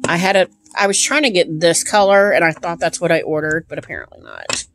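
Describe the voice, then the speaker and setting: A woman's voice: lowish voice, fairly quick. A woman casually showing tarot decks on camera, gushing with enthusiasm between frequent ums. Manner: gushing, enthusiastic, lots of ums and repeated praise. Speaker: tarot deck collector. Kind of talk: casual show-and-tell vlog. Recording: steady background hiss with handling clicks.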